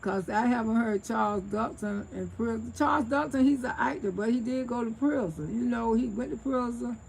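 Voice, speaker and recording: A woman's voice: fairly high pitch, normal speed, creaky, a little mellow, a little hiss or hum, low-quality recording. A woman, casually telling stories on a livestream and answering viewer comments, laughing often. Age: 60s. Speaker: livestream host.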